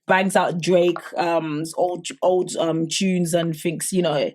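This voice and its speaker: A woman's voice: on the low side, steady tone, slow pace, a little mellow. Chatty woman retelling gossip. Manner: gossipy retelling, full of fillers like "da, da, da". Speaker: podcast host. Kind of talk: casual chat.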